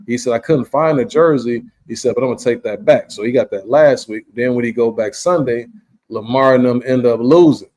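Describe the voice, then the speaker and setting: Male podcast host, mid-pitched, casual rambling storyteller. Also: fairly quick, a little mellow. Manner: rambling, laid-back storytelling with frequent "you understand".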